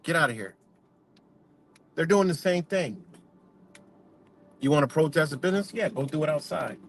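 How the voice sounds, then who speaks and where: A man's voice: a little high, normal speed, a little hiss or hum. A man ranting casually, heated, profane and emphatic. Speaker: vlogger.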